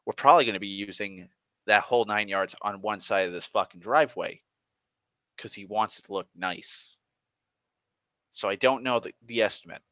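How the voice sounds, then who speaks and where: An exasperated man rants his way through a work story, swearing constantly and restarting his sentences as he goes. His voice is bright and sharp. The recording is dry and close. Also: lowish voice, moderate pace, long pauses, dry recording. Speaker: online storyteller. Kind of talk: profane rambling rant.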